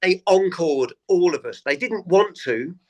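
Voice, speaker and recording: A man, a stand-up comedian, telling tour anecdotes in a relaxed interview and acting out the people he quotes. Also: sits high, moderate pace. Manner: animated anecdotes, acts out quoted voices. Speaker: comedian guest. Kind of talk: casual interview storytelling.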